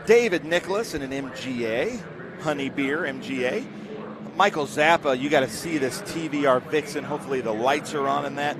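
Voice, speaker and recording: A man co-commentating outdoors at a race track, his voice a bit high. He moves briskly through long lists of drivers and cars. A crowd murmurs clearly in the background. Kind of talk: live motorsport commentary.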